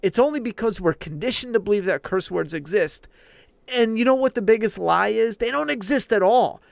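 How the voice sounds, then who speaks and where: A man's voice: sits high, lively intonation, fairly quick, creaky, dry recording. A man hosting a livestream, ranting casually and emphatically to his chat with heavy swearing. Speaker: livestream host answering chat. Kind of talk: casual profane rant.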